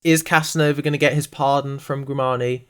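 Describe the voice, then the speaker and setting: Podcast co-host, male, English, average pitch; loose, jokey, tangent-prone chat. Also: quick pace, clear, resonant tone. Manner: rambling, lively, full of asides and jokes. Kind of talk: casual chat recapping a TV series.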